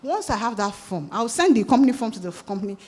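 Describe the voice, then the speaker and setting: A woman with a Nigerian accent giving a sales talk at a conference, lively and asking the audience questions. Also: fairly high pitch, fast talker. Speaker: conference speaker. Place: conference hall.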